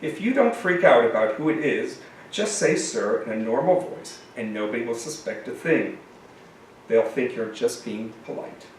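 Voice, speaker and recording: A man voicing a grim, leather-clad adult man who talks in a high, effeminate, mean way. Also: expressive, moderate pace, very echoey, distant mic, slight background noise, lightly acted, rough recording. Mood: mean prissy. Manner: prissy, stern and commanding.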